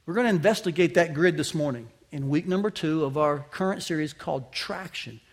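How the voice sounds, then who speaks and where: A man with a high voice preaches a sermon, carrying a faint Southern accent from his upbringing in the Southeast. He is middle-aged and tells animated stories with self-mocking humor. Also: brisk. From Southeastern United States. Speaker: pastor.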